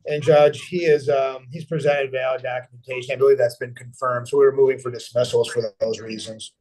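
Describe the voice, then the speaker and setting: A man's voice: mid-range voice, fairly even intonation, a little fast, a little mellow. A man acting as defense attorney in a virtual courtroom, speaking in formal, formulaic and polite courtroom language. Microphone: video call.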